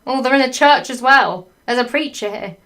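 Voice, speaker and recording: A woman with a slightly high voice reads a story aloud for laughs. She keeps breaking off into dry, sarcastic remarks, swearing freely and mocking the text as she goes. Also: lively intonation, moderate pace, fairly bright tone. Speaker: reader of a fan fiction. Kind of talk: comic reading with sarcastic asides.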